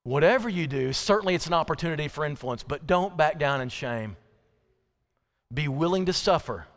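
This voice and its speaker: A male pastor preaching a sermon, using call-and-response and repetition that builds to loud emphasis. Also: fairly high pitch, animated, normal speed. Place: church sanctuary. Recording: long church reverb.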